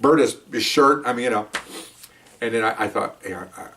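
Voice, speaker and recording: An older man, a retired police officer, telling stories in a casual, animated way, often checking in with "okay?" and restarting his sentences. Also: mid-range voice, moderate pace, far from the mic, slight background noise. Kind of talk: casual anecdotal storytelling.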